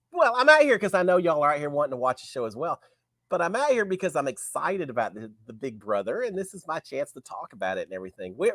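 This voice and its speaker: Raspy sick guy hosting a live show, lively up and down voice, dry close sound. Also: on the high side, no room sound. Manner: greets viewers by name, folksy and chatty. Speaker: show host. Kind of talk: casual live-stream chat.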